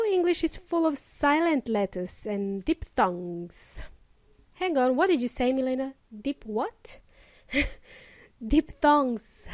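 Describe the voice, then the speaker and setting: A woman with a high-pitched voice hosts a podcast lesson for English learners, teaching in a slow, careful, emphatic way. There is no echo on the recording.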